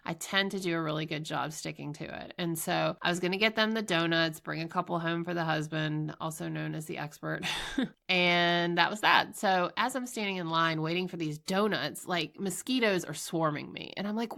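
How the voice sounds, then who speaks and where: A woman in her forties talks through a casual solo podcast in a low, gravelly voice with a bright, forward edge. She sounds stuffy and nasal, as if her allergies are acting up. She is candid and self-mocking, laughing often and swearing freely. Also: moderate pace. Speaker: podcast host.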